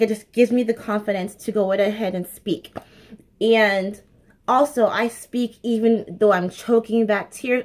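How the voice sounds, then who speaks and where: A woman in her late twenties giving speaking tips in a casual vlog, chatty and expressive, with lots of "like" and "um" fillers and the odd swear. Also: a little high. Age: late 20s. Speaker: actor sharing speaking tips. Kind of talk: casual talking-to-camera vlog.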